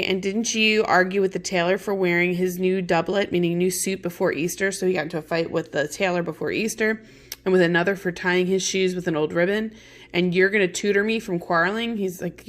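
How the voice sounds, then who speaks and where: A woman teacher reading a play aloud to a class and explaining the lines in plain modern words, chatty and full of okays. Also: fairly low pitch. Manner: chatty, many fillers and okays. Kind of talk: casual read-along lesson.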